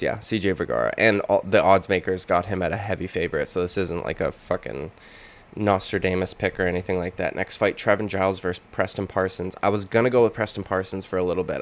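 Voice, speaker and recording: A man giving casual fight predictions in a loose, rambling way, swearing freely and leaning on fillers like "like" and "uh". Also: sits low. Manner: rambling, profane, filler-heavy.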